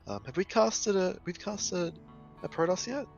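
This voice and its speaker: Animated man casting a game live. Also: high-pitched, measured pace, creaky, highs cut off, soft background music. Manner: animated, hesitant with many ums, laughs easily. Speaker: esports caster. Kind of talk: casual live game commentary.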